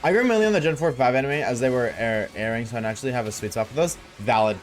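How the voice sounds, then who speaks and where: A man's voice: mid-range voice, very fast. A man streaming a game and chatting casually with his viewers, laid-back and slangy, reading chat aloud.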